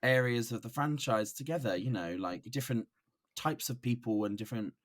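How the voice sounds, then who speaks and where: A man from Brighton with an English accent, a guest on a podcast, chatting casually with hesitant pauses and playful teasing. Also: mid-range voice. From Brighton, England. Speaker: guest drag performer.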